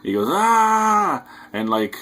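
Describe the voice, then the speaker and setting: A man's voice: lowish voice, little pitch movement, unhurried, a bit bright, poor audio. A young man casually recapping a film plot as a reviewer, hesitant and loose with lots of fillers. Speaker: movie reviewer.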